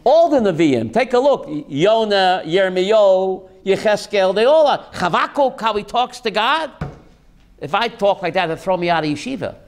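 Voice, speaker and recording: A man, a rabbi, giving a lively Torah class, calling on listeners by name and slipping in Yiddish and Hebrew words. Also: high-pitched, moderate pace. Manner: lively, addresses listeners by name, jokey asides; mixes Yiddish and Hebrew terms. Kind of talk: animated Torah class to a live group.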